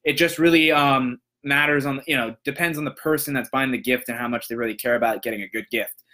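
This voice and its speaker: Bright, animated man telling a story. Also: medium pitch, fast talker. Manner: animated, acts out voices in quotes. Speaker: podcast host, motivational speaker. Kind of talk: casual storytelling.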